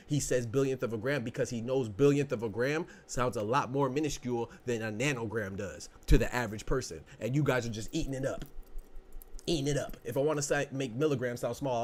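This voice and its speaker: A man's voice: mid-range voice, darkish tone, slight background noise. A man hosting a podcast, ranting in a heated, profane way and saying "bro" again and again. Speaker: podcast host. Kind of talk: casual ranting podcast talk.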